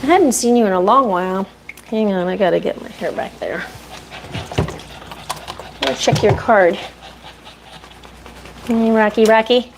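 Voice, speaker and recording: A woman's voice: medium pitch, animated, moderate pace, gravelly, long pauses, slight background noise, rough recording. A woman dog groomer chatting casually on a live stream, talking to the dog and her viewers while she works at the bath.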